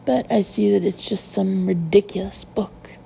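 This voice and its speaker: A scheming storybook villain sneers his threats slowly, voiced by a woman. The tone is gravelly and dark, mocking everyone he speaks to. The recording is muffled with faint hiss. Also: medium pitch, steady tone. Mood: sneering. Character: scheming villainous adult male count.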